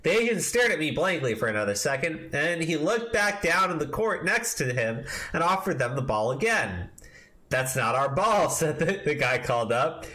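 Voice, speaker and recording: A man's voice: a little high, very animated, normal speed, few pauses, sharp tone, rough recording. A man hosting a commentary show, reading a post aloud with mocking emphasis, swearing and laughing asides.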